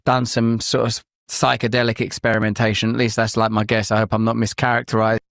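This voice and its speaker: A man from England with an English accent, talking forcefully in a long, flowing monologue. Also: fairly low pitch, little pitch movement, a little fast, creaky, no echo, clean studio sound. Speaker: podcast host in a played clip.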